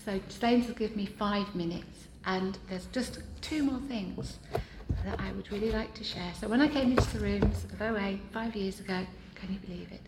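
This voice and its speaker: A woman's voice: mid-range voice, normal speed, noisy background. Earnest woman sharing in an echoey room. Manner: candid, self-deprecating, earnest. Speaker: meeting member sharing. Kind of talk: personal share at a support meeting. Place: meeting room.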